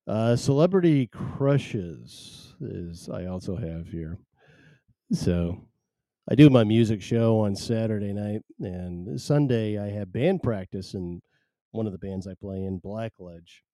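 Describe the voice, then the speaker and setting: Dark-voiced man rambling on a stream. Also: lowish voice, expressive, takes it slowly, no echo. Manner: rambling, wry, self-deprecating. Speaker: live stream host. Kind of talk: casual solo live-stream chat.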